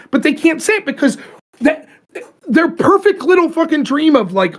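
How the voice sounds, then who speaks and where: A man hosting his own talk show, ranting heatedly about politics with plenty of swearing and mocking asides. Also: very high voice. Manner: profane, fired-up, talks in rapid bursts and mimics opponents. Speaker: show host.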